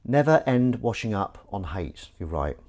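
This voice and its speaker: A man rambles to his live-stream viewers over the washing up, jokey and self-deprecating, with the odd casual curse. His darkish voice sits on the low side, swinging widely in pitch at a normal speed.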